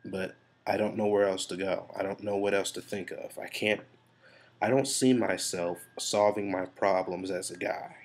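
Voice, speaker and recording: Deep-voiced man venting in a vlog. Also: steady tone, moderate pace. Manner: frank, rambling, swears freely. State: stressed and frustrated. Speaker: vlogger. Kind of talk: confessional casual vlog.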